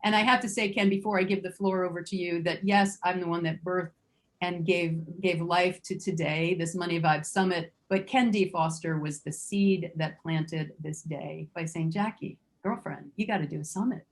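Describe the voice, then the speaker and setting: A woman's voice: on the low side, steady tone, normal speed. A woman hosting an online summit, introducing her guest with enthusiasm over a video call. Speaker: summit host.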